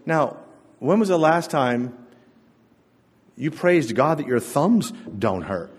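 A man's voice: fairly high pitch, sing-song, slow, slight background noise. Male pastor preaching in a reverberant hall. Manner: conversational storytelling with humor. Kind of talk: sermon. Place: church sanctuary with congregation. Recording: echoey church hall.

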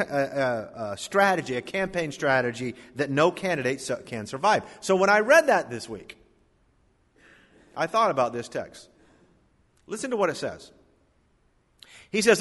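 A man preaching a sermon as pastor, emphatic, with sudden drops and surges in loudness. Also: on the high side, in a large hall.

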